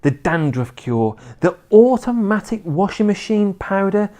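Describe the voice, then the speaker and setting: A man reads a children's story aloud in an expressive storytelling voice. He takes his time over the words and lets his pitch rise and fall with plenty of life. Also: a little slow. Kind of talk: reading a children's book aloud.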